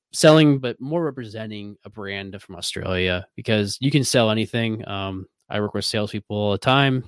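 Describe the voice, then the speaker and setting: Midwestern guy in interview, low-pitched, loose and chatty. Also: clear, resonant tone, no echo. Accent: Midwestern American. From American Midwest. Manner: rambling, many fillers and restarts. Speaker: whiskey brand ambassador. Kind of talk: casual interview talk.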